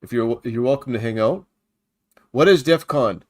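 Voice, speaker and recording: Here a Canadian man hosts a casual Christian stream at his home computer, wandering through news on the screen and saying hello to viewers by name. He speaks at a medium pitch and moderate pace, slightly mellow.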